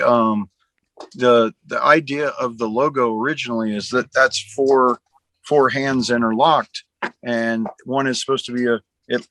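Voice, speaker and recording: A man who is a charity organizer, guesting on a podcast and speaking warmly and gratefully, stumbling over the starts of his sentences. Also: mid-range voice, dry recording, poor audio. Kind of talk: casual interview talk.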